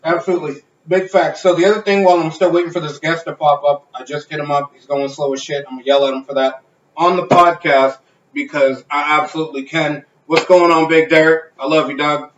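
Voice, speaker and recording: A man's voice: a little high, steady tone, fairly quick, fairly bright tone. A man hosting a casual podcast from a garage, talking in a loose, rambling way with plenty of swearing. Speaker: podcast host. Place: home garage. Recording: roomy, distant, dull garage sound.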